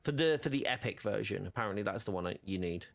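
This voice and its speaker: A man's voice: lowish voice, animated, quick pace, creaky, a bit bright, soft background music. A man streaming a video game, chatting casually with many fillers and restarts. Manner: rambling, filler-heavy, self-correcting.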